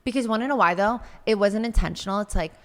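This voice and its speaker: A chatty woman guesting on a podcast, talking in a loose, rambling way full of fillers. Her pitch sits in the middle range. The room gives her voice a long echo. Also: fast. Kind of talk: casual chat.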